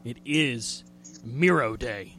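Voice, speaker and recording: Lively, bright-voiced male radio host. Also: mid-range voice. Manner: jokey, rambling, quick to laugh. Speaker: wrestling radio show host. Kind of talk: casual chat.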